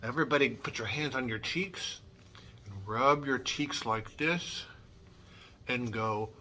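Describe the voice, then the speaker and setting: A man's voice: mid-range voice, a little slow, sharp tone, a little hiss or hum. A middle-aged man leading a children's church music lesson, upbeat and coaxing, modelling sounds for the kids.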